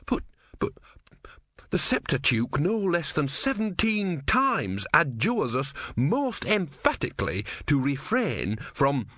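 A man's voice: on the high side, huge pitch swings, takes it slowly, a bit bright, no room sound, clean studio sound, voice pushed up, full character voice. Man doing a timid young novice monk. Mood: nervous earnest.

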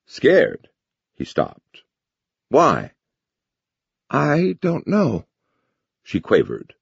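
A man voicing a female space commander whose soft, hesitant voice quavers, in a dull lo-fi recording. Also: lowish voice, gravelly, husky, no echo, voice pushed up, exaggerated voice.

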